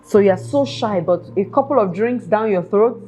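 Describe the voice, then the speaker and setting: Mellow-voiced woman asking rhetorical questions. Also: medium pitch, moderate pace, soft background music. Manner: earnest, asks listeners rhetorical questions. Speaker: podcast host. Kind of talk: self-help talk monologue.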